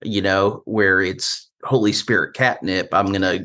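A man's voice: deep voice, steady tone, unhurried, sharp tone. A man hosting a podcast interview, asking questions in a conversational, hesitant way with many fillers. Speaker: podcast host. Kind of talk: casual interview chat.

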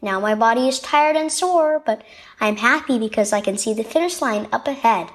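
A woman voicing a gentle, weak old grandfather in a children's story, speaking softly and calmly. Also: on the high side, moderate pace, lightly acted. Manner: soft, gentle, calm.

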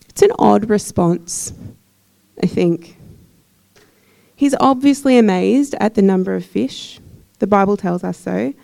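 A woman's voice: mid-range voice, a little slow, vocal fry, long pauses, dark tone. A woman giving a conversational sermon in church, putting questions to the congregation. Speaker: preacher.

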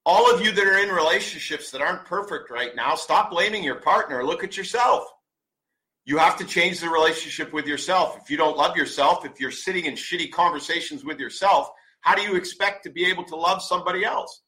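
A man's voice: fairly high pitch, brisk, sharp tone, low-quality recording. A man in his forties hosting a podcast, delivering a blunt motivational monologue full of swearing and repeated commands. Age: 40s. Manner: emphatic, blunt, swears often; preachy, repeats commands for stress. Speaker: podcast host.

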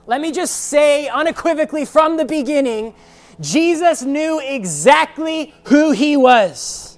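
A preacher delivering an expository sermon, stressing single words and rising to shouted declarations. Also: sits high. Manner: slow, deliberate emphasis on single words.

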